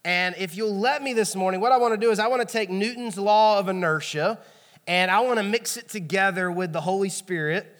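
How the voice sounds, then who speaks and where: Bright-voiced preacher in an echoing hall. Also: male voice, sits high, fairly quick. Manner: conversational, prods the congregation. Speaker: pastor. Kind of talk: sermon. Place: church auditorium. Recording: long hall reverb.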